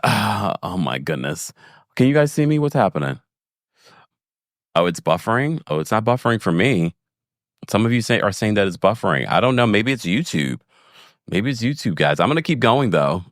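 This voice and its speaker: Man, lively livestream host, lowish voice, dry close sound, reads chat, laughs a lot. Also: moderate pace, no echo. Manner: animated, laughing, talks straight to viewers.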